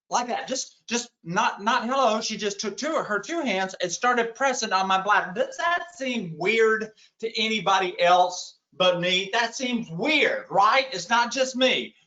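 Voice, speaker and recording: High, bright-voiced man telling a funny story. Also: measured pace, reverberant, lo-fi sound. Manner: animated, self-deprecating, with asides to the audience. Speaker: keynote speaker. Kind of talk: humorous motivational storytelling.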